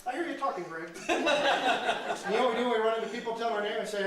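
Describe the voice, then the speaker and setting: High-voiced comedian working a crowd. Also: male voice, fast talker. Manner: teasing, loud banter with audience members. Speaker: stand-up comedian hosting a crowd game. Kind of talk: live stand-up with crowd work. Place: live venue with audience. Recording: echoey room, far mic, crowd noise.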